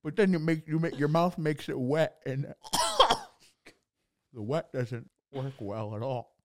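A man's voice: mid-range voice, steady tone, takes it slowly, darkish tone, no echo, studio quality. A man co-hosting a casual podcast, laughing often and swearing casually, gagging and teary-eyed. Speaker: podcast co-host. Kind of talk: casual comedic podcast chat.

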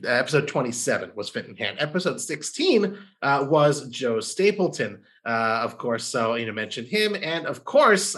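A man's voice: mid-range voice, a bit bright. A man hosting a podcast interview in a casual, chatty way, with many "um"s and "you know"s. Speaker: podcast host.

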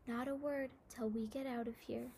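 A woman voicing a calm, kindly old man in a storybook reading, speaking softly and reassuringly. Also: fairly high pitch, a little slow, a little hiss or hum, lightly acted. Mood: hushed.

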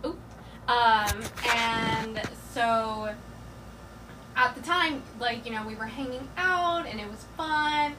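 A woman's voice: a little high, slow pace. A woman guest on a podcast, talking casually and rambling with many fillers. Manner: rambling, full of fillers and giggles. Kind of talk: casual chat. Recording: distant mic with background noise.

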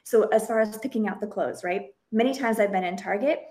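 A woman's voice: mid-range voice, brisk, warm tone. A woman in her thirties, a parenting coach hosting a podcast, talking earnestly and expressively, often restarting her sentences. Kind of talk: casual podcast conversation.

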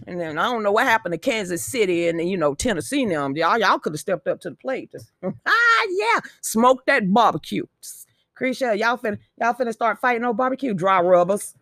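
Brash, lively woman host. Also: mid-range voice, a little fast, dry recording, studio quality. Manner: brash, profane, joking banter. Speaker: live show host reading chat. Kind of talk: casual chat.

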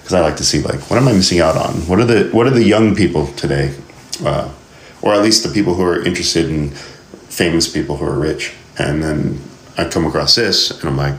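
A man's voice: very deep voice, brisk. A man hosting a casual podcast, reading news aloud and riffing on it in a rambling, joking way with frequent laughs. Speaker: podcast host. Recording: roomy echo.

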